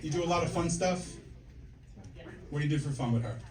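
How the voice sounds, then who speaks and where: On a comedy club stage, a man in his forties with a slightly high voice performs a brash, profane stand-up set, telling punchy stories a little fast. The echoey club is recorded from a distance, with the crowd audible and the audience laughing.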